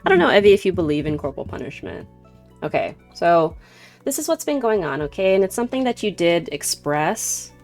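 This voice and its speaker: Chatty woman streamer with gravelly voice. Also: fairly low pitch, sing-song, a little fast, soft background music. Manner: chatty, greets viewers warmly by name, laughs often. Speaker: streamer doing card readings. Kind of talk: casual live-stream chat.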